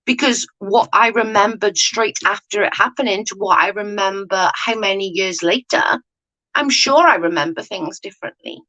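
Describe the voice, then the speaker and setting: On a rough recording, a woman's medium-pitched voice comes across pushed and bright at a moderate pace. As a YouTube commentator chatting casually on livestream and reading viewer comments, she wanders off track, fixes her own wording, and keeps asking "do you know what I mean."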